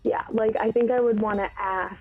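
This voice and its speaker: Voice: mid-range voice, steady tone, normal speed, soft background music. Player on a tinny voice call. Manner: inquisitive, checks rules before acting. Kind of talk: asking questions during a tabletop game.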